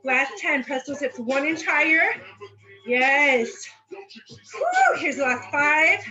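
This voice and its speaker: A woman's voice: high voice, normal speed, pushed and bright, echoey room. A young woman coaching a home workout, out of breath and encouraging, cheering between sets. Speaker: fitness instructor. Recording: dull lo-fi audio with faint music.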